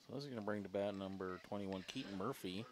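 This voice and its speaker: A man calling a local baseball game play by play, relaxed and chatty with his booth partners. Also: fairly low pitch, fast, a crowd in the background. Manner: relaxed, chatty, prone to laughing. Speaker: play-by-play announcer. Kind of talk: casual local sports broadcast.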